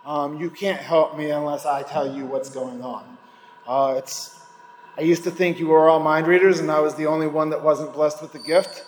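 A man's voice: a little high, steady tone, normal speed, reverberant, big-room sound, slight background noise, poor audio. A man speaking at a recovery meeting, giving a candid personal testimony and rambling between thoughts. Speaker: recovering alcoholic sharing at a meeting.

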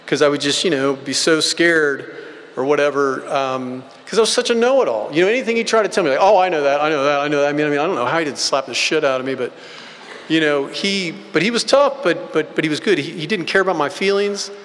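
A man's voice: a little high, lively intonation, quick pace, a bit bright. A man giving a personal recovery testimony at a meeting, telling stories in a blunt, rambling, casual way full of filler words. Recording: hall with long reverb.

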